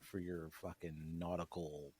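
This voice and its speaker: A man's voice: low voice, little pitch movement, measured pace, mellow. A man co-hosting a podcast, recapping an episode in casual chat with wry, profane asides and frequent laughs. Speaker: podcast co-host.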